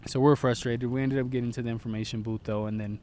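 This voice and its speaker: A young man in casual chat, calm and explaining things at length. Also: medium pitch, fast talker, slight background noise. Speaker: co-host of a couple's channel.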